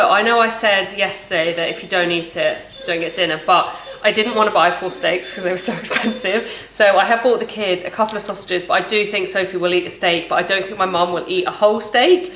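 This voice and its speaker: A woman's voice: medium pitch, brisk, hardly any pauses, fairly bright tone. A woman in her thirties, a mum chatting casually with many "like"s and giggles while cooking family dinner at home. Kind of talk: casual cooking vlog chat. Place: home kitchen. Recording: echoey kitchen with background noise.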